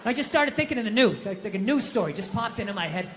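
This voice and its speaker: Middle-aged man, stand-up comic, high bright voice, exasperated profane rant, live stage, long hall reverb, faint ambience. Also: animated, fast, a little hiss or hum. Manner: ranting, profane, exasperated storytelling. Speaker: stand-up comedian. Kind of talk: stand-up routine.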